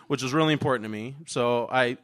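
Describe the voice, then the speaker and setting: A man, a teacher, telling a personal story in a candid, animated way, swearing freely and laughing as he goes. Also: medium pitch, quick pace.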